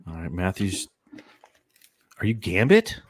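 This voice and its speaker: A man's voice: low-pitched, very animated, a little slow, slight background noise. A man co-hosting a casual sports podcast, rambling through jokey comparisons and swearing freely. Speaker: podcast co-host.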